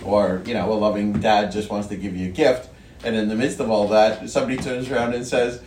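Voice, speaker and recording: Lowish voiced guy rambling about faith, chuckles easy, sits back from the mic in a roomy space. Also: flat delivery, fairly quick, a little mellow, slight background noise. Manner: loose, chuckling, meandering. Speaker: podcast co-host. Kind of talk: casual faith conversation. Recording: distant mic in an echoey room.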